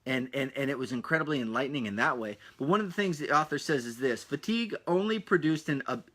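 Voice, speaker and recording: A man hosting a solo podcast, talking in an energetic, rambling way with punchy asides and a slightly breathless edge. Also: mid-range voice, fast talker. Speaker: podcast host.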